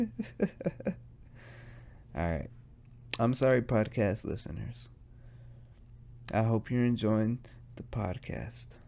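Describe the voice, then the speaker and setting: A man's voice: fairly low pitch, slow, vocal fry, long pauses, warm tone. A stoned man hosting his solo podcast, rambling, swearing and mocking himself as he goes. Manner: rambling, profane and self-mocking. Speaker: podcast host. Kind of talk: casual solo podcast monologue.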